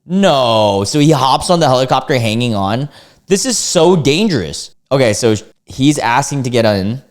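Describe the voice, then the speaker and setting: A man's voice: mid-range voice, moderate pace. A man hosting a casual reaction video, reading forum posts aloud and reacting with cursing, exclamations and disbelief. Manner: animated, swears freely, exclaims in disbelief. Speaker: YouTube reaction host.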